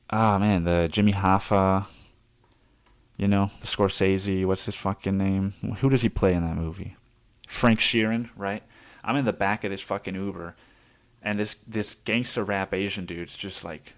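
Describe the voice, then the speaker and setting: A man hosting a podcast, telling a rambling story in a casual chat style, laughing often and swearing freely. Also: low-pitched. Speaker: podcast host.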